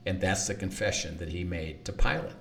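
A man's voice: sits low, brisk, gravelly, far from the mic, slight background noise. A man teaching the Bible in conversation, earnest, acting out quoted lines and often repeating words.

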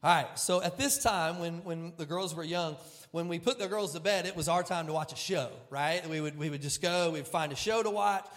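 A male pastor preaching with a personal story, animated and self-deprecating, moving between loud outbursts and hushed, serious moments. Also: on the high side, normal speed. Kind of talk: sermon storytelling.

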